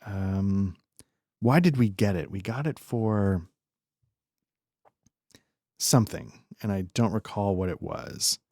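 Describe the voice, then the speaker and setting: A man's voice: fairly low pitch, takes it slowly, pauses often, darkish tone, no echo, studio quality. Rambling man chatting over gameplay. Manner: rambling, chatty, self-deprecating asides. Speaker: let's play host. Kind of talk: casual commentary while gaming.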